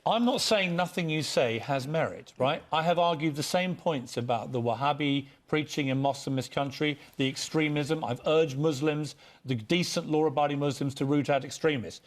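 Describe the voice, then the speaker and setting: Firm English TV presenter pressing questions. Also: male voice, a little high, normal speed, hardly any pauses. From England. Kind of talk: heated TV debate.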